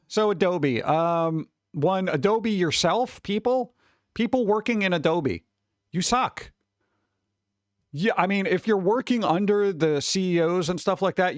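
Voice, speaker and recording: A man's voice: high voice, dry recording. A man hosting a stream, chatting casually in a rambling way, with some swearing and chuckles. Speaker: streamer host. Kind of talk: casual chat.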